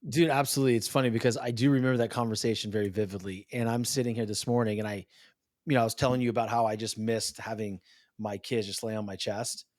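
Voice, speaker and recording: A man's voice: on the low side, quick pace, dry recording. Chatty man hosting a podcast, dry sound. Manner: animated, chatty, calls guest "dude". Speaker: podcast host. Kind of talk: casual conversation.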